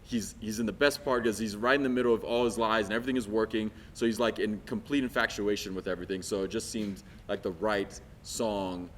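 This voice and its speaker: A man, a stage actor, telling in a casual talkback how he picked his song, animated and storytelling. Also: fairly low pitch, a little hiss or hum. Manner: animated storytelling, fast talker.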